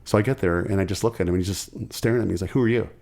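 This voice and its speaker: A man's voice: deep voice, vocal fry. A man and musician, a podcast guest telling stories in a casual chat, acting out the people he quotes. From Ohio, USA. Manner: animated storyteller, quick and chatty, acts out quotes.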